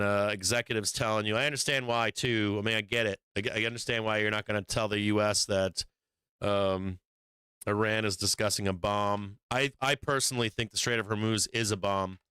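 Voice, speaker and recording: A hoarse man hosting a live market stream, reading headlines and cursing bluntly about the charts. His voice sits fairly low yet stays clean and resonant. The sound is dry and close, with no room around it. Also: steady tone, normal speed, pushed and bright, no room sound. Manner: blunt, profane, reads headlines aloud. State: losing his voice. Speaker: stock market livestream host. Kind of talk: casual market commentary with profanity.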